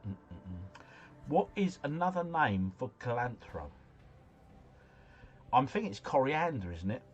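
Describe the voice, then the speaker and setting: A man's voice: mid-range voice, sing-song, unhurried, dull audio, a little hiss or hum. A man hosting a livestream, casually thinking aloud through quiz answers in a slangy, rambling way. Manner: chatty, musing aloud, slangy. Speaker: livestream host.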